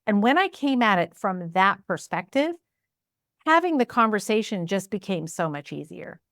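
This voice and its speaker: A woman's voice: mid-range voice, normal speed, dry recording, studio quality. A woman business coach telling stories and giving advice in a casual way, acting out her own thoughts and what others said. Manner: animated, acts out her own inner voice and quotes.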